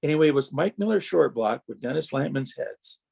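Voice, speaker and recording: A man's voice: mid-range voice, animated, a little fast, vocal fry, darkish tone, breathy edge. A man who raced for years, telling long rambling anecdotes in a podcast interview and acting out other people's lines as he goes. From Wisconsin. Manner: rambling anecdotes with many restarts and quoted dialogue. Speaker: podcast guest, retired racer. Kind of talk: storytelling interview.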